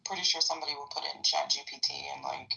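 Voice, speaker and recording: A woman's voice: low-pitched, big pitch swings, rapid-fire, vocal fry, sharp tone. A woman in her fifties chatting casually on a live panel, rambling with many fillers. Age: 50s. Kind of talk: casual chat. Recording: phone-like line.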